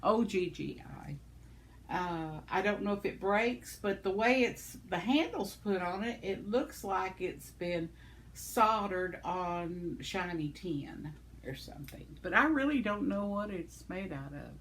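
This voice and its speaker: This woman, in her 70s, chats casually on her vlog while going through viewer comments, unhurried and lively in intonation with a mid-range voice. She giggles and rambles, using fillers and trailing thoughts, over slight background noise.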